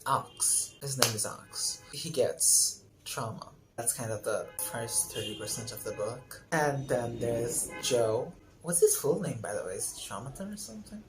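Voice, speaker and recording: A young adult book reviewer talks straight to camera in a casual vlog. The delivery is exasperated and sarcastic, with swearing mixed into the rant. The voice sits at a mid pitch. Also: a little hiss or hum, poor audio.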